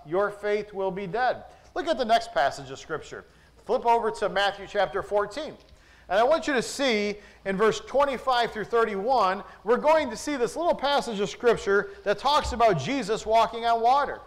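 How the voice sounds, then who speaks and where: A man with a notably high voice preaches a sermon in a church. He speaks emphatically, pressing the congregation with rhetorical questions. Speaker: pastor. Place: church with a screen behind him.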